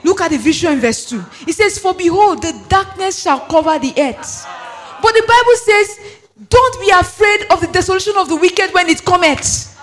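A man pastor preaching a fervent shouted sermon to a congregation, breaking into speaking in tongues. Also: extremely high pitch, moderate pace, soft background music. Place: church before a congregation.

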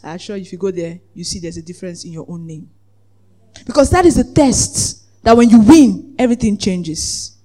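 A preacher giving a lively sermon, acting out the voices in the story, laughing often and asking the congregation whether they follow. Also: mid-range voice, a little fast. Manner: asks the congregation "Are we together?".

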